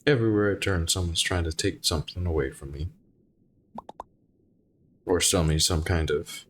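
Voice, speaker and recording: A man's voice: deep voice, normal speed, long pauses, a little hiss or hum. A man reading game dialogue aloud during a playthrough, playfully trying out voices. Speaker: gaming streamer.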